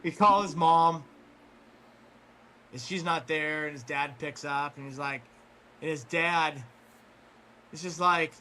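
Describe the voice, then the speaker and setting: Slow, rambling man telling a story. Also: on the high side, steady tone, pushed and bright, a little hiss or hum. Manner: rambling, full of fillers and restarts, swears freely. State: losing his voice, clearing throat. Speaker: guest storyteller. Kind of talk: casual storytelling chat.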